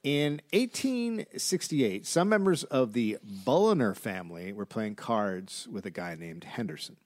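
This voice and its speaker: A man's voice: on the low side, big pitch swings, measured pace, no room sound. A man co-hosting a comedy history podcast, telling the story from his research notes with dry asides and frequent "uh"s. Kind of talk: casual comedic history chat.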